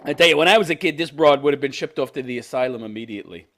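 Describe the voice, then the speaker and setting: A man's voice: medium pitch, very fast, a bit bright. A middle-aged man giving crude, sarcastic commentary on a news story, laughing at his own jokes. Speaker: commentary vlogger.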